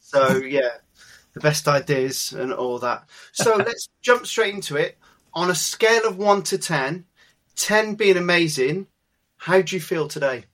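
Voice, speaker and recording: A man's voice: on the high side, animated, a little slow, a bit bright. A man hosting a podcast interview, introducing his guest in a playful, upbeat way. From England. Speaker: podcast host.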